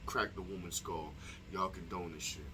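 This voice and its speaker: A man's voice: low-pitched, fairly even intonation, normal speed, background noise. A young man delivering a heated, profane opinion monologue to his viewers, firing off rhetorical questions. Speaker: vlogger. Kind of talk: casual opinion monologue to camera.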